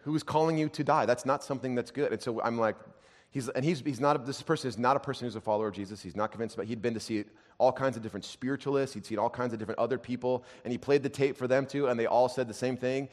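A man preaching a sermon as a pastor, telling stories that swing between loud emphasis and hushed, quiet asides. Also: medium pitch, steady tone, fast. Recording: long hall reverb.

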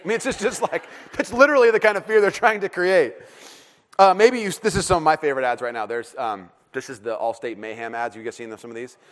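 A middle-aged man preaching a sermon in a casual, joking and animated way, with plenty of fillers and restarts. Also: a little high, fast. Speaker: pastor.

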